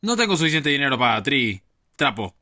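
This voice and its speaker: Brief: man, relaxed let's-play talk with crude jokes. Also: medium pitch, fast talker, a little hiss or hum. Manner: casual, swears freely. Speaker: game streamer. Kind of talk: casual let's play commentary.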